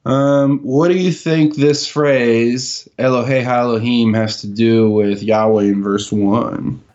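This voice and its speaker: A man's voice: mid-range voice, fairly even intonation, slow, a little mellow, muffled recording. A man teaching a Hebrew text in casual dialogue, asking pointed questions and correcting terms with dry jokes. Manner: questioning, exacting, jokey. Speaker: teacher leading a Hebrew reading session.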